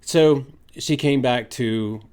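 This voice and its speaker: A man's voice: medium pitch, takes it slowly, darkish tone, clean tone. A man giving an opinion commentary vlog, sarcastic and argumentative, ranting emphatically. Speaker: vlogger.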